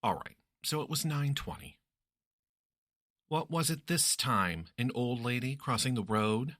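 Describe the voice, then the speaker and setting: A man's voice: measured pace, a bit bright, dry recording, studio quality, lightly acted. A man voicing a cheerful, meddling young woman friend in a teasing, bubbly way. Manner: teasing, bubbly, raises pitch.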